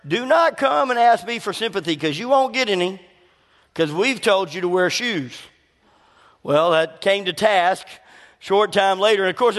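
A man's voice: high-pitched, fairly bright tone. A middle-aged man, preaching a sermon full of folksy personal stories and questions to the congregation. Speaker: pastor. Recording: long hall reverb.

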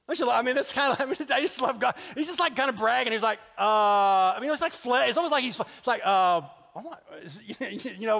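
A man preaching a sermon as pastor, earnest and conversational, dropping to a hush and then lifting into animated storytelling. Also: sits high, normal speed. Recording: long reverb of a church hall.

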